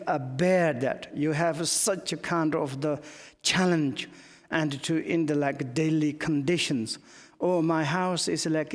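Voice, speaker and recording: Male Buddhist teacher, broken English with fillers, slightly high voice, long hall reverb. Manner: broken English, many fillers, slow and halting. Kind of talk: Dharma teaching.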